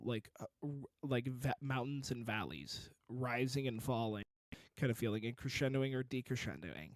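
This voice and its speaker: A man's voice: mid-range voice, dry recording. Man giving a dry vocal critique. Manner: detailed vocal-technique critique, encouraging. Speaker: song reviewer. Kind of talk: casual commentary.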